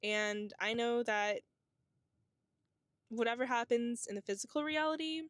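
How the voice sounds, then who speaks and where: This twenty-something vlogger has a fairly bright, high-leaning voice and speaks a little slowly, captured in clean studio sound with no echo. Her monologue to camera is casual and reflective, a spiritual musing full of "like" and "you know."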